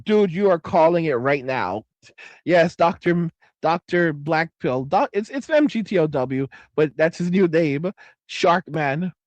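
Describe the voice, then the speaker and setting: Middle-aged man, livestream host reading chat, high voice, dry close sound, profane rambling delivery. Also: lively intonation, a little slow, no room sound. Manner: rambling, swears a lot, repeats phrases; reads viewer comments aloud.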